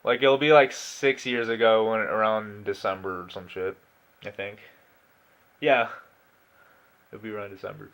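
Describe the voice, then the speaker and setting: A man's voice: lowish voice, steady tone, normal speed, pauses often, fairly bright tone. A nineteen-year-old man telling a story in a casual, rambling way, with lots of swearing, fillers and restarts.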